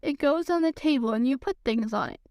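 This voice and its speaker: A woman voicing a simple, kindly young male bear in a storybook reading, speaking gently and unhurried. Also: high voice, animated, dry recording, studio quality. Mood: gentle.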